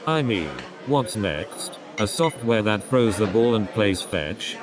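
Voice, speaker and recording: A man's voice: fairly low pitch, lively intonation, slow pace. A man doing a stand-up comedy routine, rambling through setups and repeating his catchphrases. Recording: crowd noise behind the voice.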